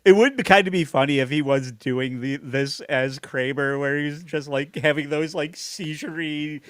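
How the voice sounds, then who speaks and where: Brief: man with slightly raised pitch, dry close sound, easygoing podcast chatter. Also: moderate pace, no echo. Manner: laughing, conversational. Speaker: podcast co-host. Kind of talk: casual comedy podcast chat.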